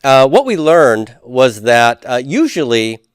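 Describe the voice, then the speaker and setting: A man teaches a class at an unhurried pace. His voice is smooth and clear, and the sound is dry, with no room echo. He patiently leads the students through call-and-response practice. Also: medium pitch, very animated. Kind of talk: classroom lecture.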